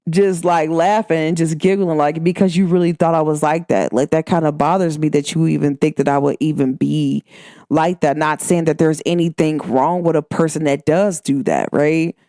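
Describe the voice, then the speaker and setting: A woman's voice: low-pitched, steady tone, normal speed, dark tone, no echo, clean studio sound. A young American woman from Cincinnati with a Midwestern accent, hosting a podcast in a candid, emphatic, slangy monologue. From Cincinnati, Ohio, USA. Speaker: podcast host. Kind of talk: casual monologue.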